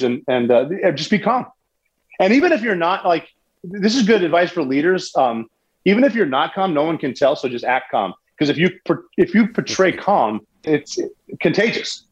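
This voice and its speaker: Man, husky, slightly high voice, animated storyteller, dull lo-fi sound. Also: a little fast. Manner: animated, with restarts and sports analogies. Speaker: guest recounting a military raid. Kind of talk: conversational storytelling.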